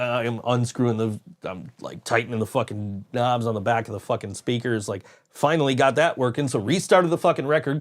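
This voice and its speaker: A man hosting a podcast, telling a rambling story in casual chat, swearing often and laughing as he goes. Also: mid-range voice. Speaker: podcast host.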